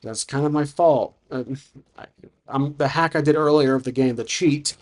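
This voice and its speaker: A man's voice: on the high side, moderate pace, a little mellow. A man narrating a solo tabletop campaign as game master, thinking aloud with frequent restarts.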